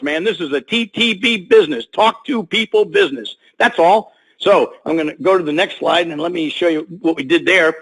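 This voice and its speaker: A middle-aged man presenting a business opportunity on a conference call, pitching emphatically and folksily with lots of rhetorical questions. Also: fairly bright tone, slightly rough, poor audio. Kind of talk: motivational sales pitch over a slide presentation.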